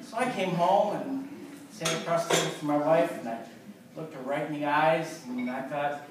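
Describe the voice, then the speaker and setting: A man's voice: a little high, moderate pace, background noise. A man in his fifties performing a stand-up comedy set on a club stage, telling stories conversationally. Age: 50s. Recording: echoey club from far off.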